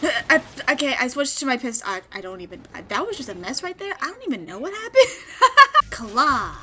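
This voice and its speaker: High, bright, excitable young woman gamer. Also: brisk, a little hiss or hum. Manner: excitable, squeals and laughs often. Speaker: gaming video host. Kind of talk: live gameplay commentary.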